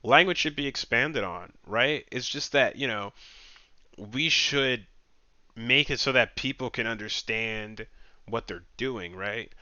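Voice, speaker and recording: A man streaming casual reaction commentary, animated and mocking, often laughing. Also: medium pitch, slow, no echo, muffled recording.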